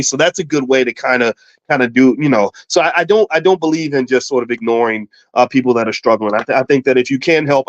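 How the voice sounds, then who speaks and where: Male host from Kentucky, casual money talk, animated delivery, close dry mic. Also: mid-range voice, no echo. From Louisville, Kentucky. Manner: animated, repeats words and restarts, acts out quotes. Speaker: finance show host. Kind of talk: casual storytelling with money advice. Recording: dull, slightly lo-fi dry sound.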